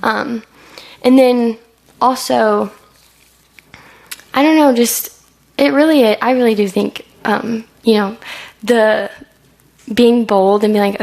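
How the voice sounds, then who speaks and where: A woman's voice: fairly high pitch, fairly even intonation, unhurried, gravelly, a little mellow. A young woman, a student, answering questions about her senior thesis in a chatty, hesitant way, full of likes and ums, often acting out what she would say. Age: young adult. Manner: chatty and hesitant, many likes and ums, acts out quoted lines. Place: school room with an audience.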